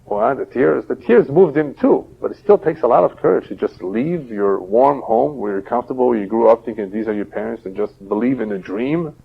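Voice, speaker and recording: A man, a rabbi, giving a religious lecture and teaching through parables in a steady, explaining way. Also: mid-range voice, brisk, vocal fry, few pauses, slightly rough. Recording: dull lo-fi older audio.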